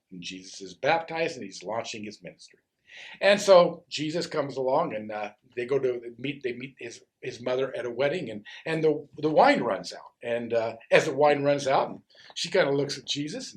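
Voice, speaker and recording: Animated man preaching a conversational sermon. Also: on the high side, normal speed. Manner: animated, conversational, asks rhetorical questions. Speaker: pastor.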